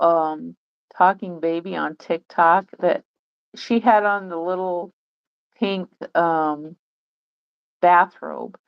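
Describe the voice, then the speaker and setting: A woman's voice: on the low side, smooth, dull audio. A woman chatting on a livestream in a rambling way, full of fillers and restarts. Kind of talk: casual livestream chat.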